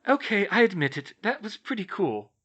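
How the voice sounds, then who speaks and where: A brisk clever young woman, put on by a man, earnest, matter-of-fact, raised pitch, storybook reading. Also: big pitch swings, a bit bright, muffled recording, full character voice.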